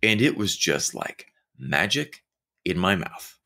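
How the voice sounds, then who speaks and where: A man in a casual motivational talk whose pitch jumps up and down as he tells stories. His tone is bright and forward, and he talks straight to the listener. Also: takes it slowly. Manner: animated storytelling, acting out quoted voices; conversational, addresses listener directly.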